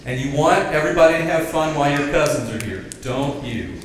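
A man's voice: a little high, a little fast, background noise. A man preaching a sermon as pastor, drawing the congregation into call-and-response. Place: church sanctuary. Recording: very echoey church hall, distant mic.

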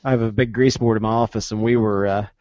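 A man's voice: lowish voice, fast, dry recording. A man with a US East Coast accent, co-hosting a podcast in casual chat and acting out quotes as he tells stories. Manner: animated storyteller, acts out quotes. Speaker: podcast co-host. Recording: dull, lo-fi dry sound.

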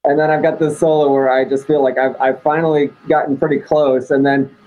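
A man's voice: medium pitch, little pitch movement, brisk, a little mellow, highs cut off. A man musician talking earnestly in a casual interview about his work on an album. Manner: earnest, reflective. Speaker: musician guest.

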